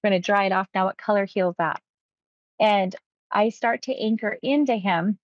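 A woman's voice: mid-range voice, moderate pace, dry recording, dull audio. A woman hypnotist casually retelling a client session, acting out the quoted lines with animation.

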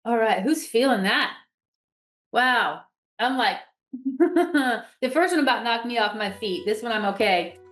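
A woman hosting a psychic show, leading listeners through a guided light healing with quick, energetic, laughing talk. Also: a little high. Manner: energetic, laughs often, talks fast and excited. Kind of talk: live guided healing session.

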